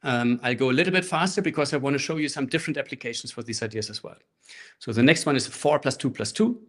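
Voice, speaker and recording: A man teaching a live online handpan workshop through a laptop microphone, explaining rhythms in a relaxed way and speaking rhythm syllables while he plays. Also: medium pitch, fast. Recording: laptop mic with handpan music. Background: handpan playing.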